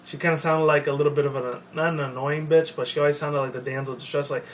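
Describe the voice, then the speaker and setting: A young man rambling casually about a video game series, swearing often and filling pauses with ums and likes. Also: mid-range voice, steady tone. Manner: profane, rambling, many fillers. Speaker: video commentator. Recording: distant mic with faint noise.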